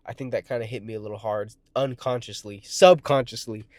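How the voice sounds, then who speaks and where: A man's voice: on the low side, fairly even intonation, brisk, darkish tone, dry recording, studio quality. A man in his twenties telling a personal story in a casual, rambling way, swearing constantly and often correcting himself. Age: 20s. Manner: profane, rambling, frequent swearing; restarts and self-corrections.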